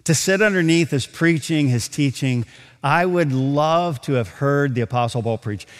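A pastor preaching a sermon to a large auditorium, reading scripture with slow, emphatic stress and quick asides. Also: male voice, a little high, big-room sound. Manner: expressive preaching with dramatic slowdowns and emphatic scripture quotes.

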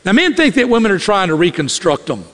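A man preaching a sermon from the pulpit of a church, animated, and often acting out the voices of the people he quotes. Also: sits high, quick pace, big-room sound. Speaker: pastor. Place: church sanctuary. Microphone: podium or stage mic.

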